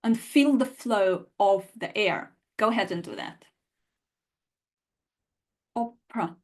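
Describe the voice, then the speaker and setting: A woman's voice: medium pitch, expressive, normal speed. A woman teaching a live online lesson, reading out student answers and repeating sounds for learners to copy. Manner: demonstrates sounds by repeating them. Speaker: language teacher.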